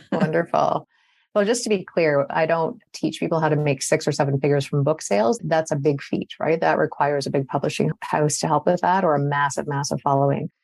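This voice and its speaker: A woman's voice: low-pitched, a little fast, gravelly, darkish tone, no echo. A Canadian woman talking confidently and chattily as a podcast interview guest. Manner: chatty, confident, tags statements with "right?". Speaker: podcast guest, agency CEO.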